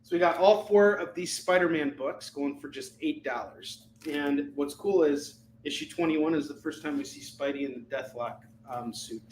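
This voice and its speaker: A man's voice: a little high, darkish tone, slight background noise, rough recording. Chatty man hosting a live sales stream. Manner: chatty, jokey, rapid-fire price callouts. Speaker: live shopping show host. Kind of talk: live-stream selling chat.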